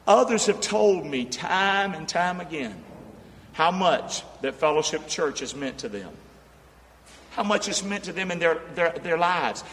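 Preacher booming in a big echoey hall. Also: male voice, animated, moderate pace, far from the mic. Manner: calls on the crowd to repeat after him, swings from hushed storytelling to shouting. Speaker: pastor. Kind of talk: sermon. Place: large unfinished church building.

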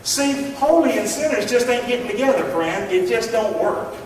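A Southern-accented male preacher delivers an impassioned, folksy sermon, calling out to his congregation for responses. His voice sits high for a man. It rings through a big reverberant church hall, picked up from a distance with a faint hum of ambience behind it. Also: lively intonation, moderate pace. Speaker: pastor. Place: church sanctuary. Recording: echoey hall, mic far off.

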